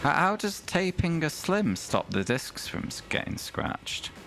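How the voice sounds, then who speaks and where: A man's voice: on the high side, sing-song, a little slow, creaky, a bit bright, soft background music. A man streaming a retro racing game, chatting casually with his viewers and reading things aloud with dry comments.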